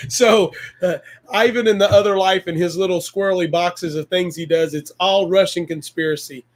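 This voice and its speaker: A man's voice: high voice, steady tone, moderate pace. A man hosting a homestead livestream, chatting in a folksy, effusive way and handing out praise and blessings. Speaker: livestream host. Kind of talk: casual livestream chat.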